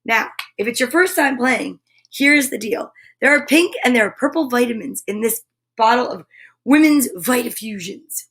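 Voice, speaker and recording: A woman's voice: a little high, animated, moderate pace, a bit bright, slightly rough. A woman hosting a casual live show, chatting playfully with viewers and reading a tongue-twisting sentence aloud. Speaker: show host. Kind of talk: upbeat live-stream chat.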